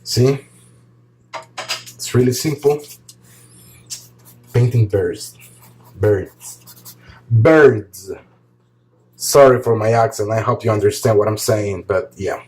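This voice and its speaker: A man calmly explaining a painting tutorial step by step as he works, pausing often with short fillers. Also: fairly low pitch, poor audio. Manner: calm, relaxed explaining while painting, with pauses and fillers. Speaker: art teacher.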